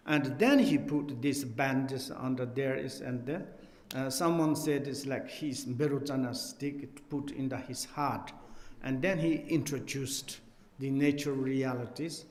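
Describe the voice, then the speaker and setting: A man, a Buddhist teacher, explaining a text and telling a story in halting, non-native English with many restarts, joking with his listeners. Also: medium pitch, a little mellow, reverberant, long reverb tail. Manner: jokes and laughs with listeners.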